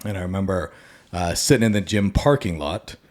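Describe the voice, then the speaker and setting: A man's voice: sits low, a little fast, darkish tone. A man hosting a podcast, telling a rambling, casual story in a laid-back conversational way. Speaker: podcast host.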